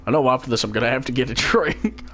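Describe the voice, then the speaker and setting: A man's voice: mid-range voice, quick pace, a bit bright, slight background noise. A man with a New Zealand accent rambling casually to his vlog audience, full of filler and restarts. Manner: meandering, full of "you know" and restarts; swoops into silly voices when telling stories. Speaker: vlogger.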